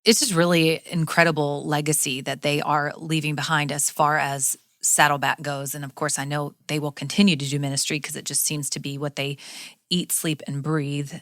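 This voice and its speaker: Low-voiced woman on a podcast. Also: flat delivery, fairly quick, fairly bright tone, no echo, studio quality. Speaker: podcast co-host. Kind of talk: casual chat.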